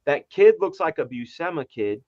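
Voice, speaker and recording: A man's voice: a little high, animated, moderate pace, a little mellow, dry recording. Rambling guy in a group chat, lots of uhs, dry muffled lo-fi sound. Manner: rambling, many fillers and restarts. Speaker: panelist.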